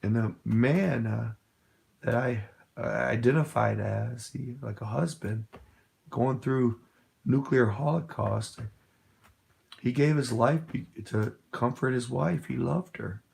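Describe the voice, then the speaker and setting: A middle-aged man with a gravelly, creaky voice tells a long political story. He talks slowly, rambling and hesitant, but hits key points with emphasis. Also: mid-range voice, darkish tone. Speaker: political speaker.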